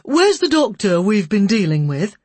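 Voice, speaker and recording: A polite, upset husband speaks in measured, apologetic sentences that turn firm, as a woman narrator reads him. The storybook voice is husky, lightly raised, and heard close and dry. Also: mid-range voice, very animated, a little mellow, no echo, voice pushed up.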